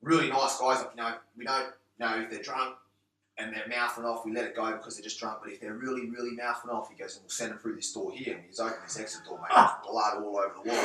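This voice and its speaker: A man's voice: medium pitch, steady tone, quick pace, crowd noise. A man in casual podcast chat, rambling through stories with lots of "mate" and "you know". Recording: roomy, distant mic.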